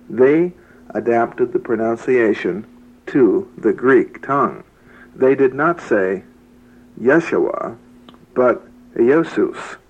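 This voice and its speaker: A man reads a religious editorial aloud at a slow, unhurried pace, weighing each phrase. His delivery is measured and deliberate, and he spells names out letter by letter. The sound is a dull, lo-fi tape recording. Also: mid-range voice. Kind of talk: reading a magazine excerpt aloud.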